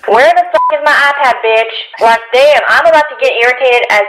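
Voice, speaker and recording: A woman voicing a foul-mouthed, irritated young woman yelling over a speakerphone. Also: high-pitched, rough recording. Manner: cursing, irritated, rapid.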